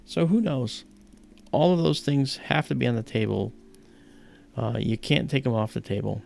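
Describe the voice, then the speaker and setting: A man's voice: medium pitch, normal speed, gravelly, a little mellow, slight background noise. A middle-aged man hosting an astronomy livestream, chatting casually and rambling with lots of "you know".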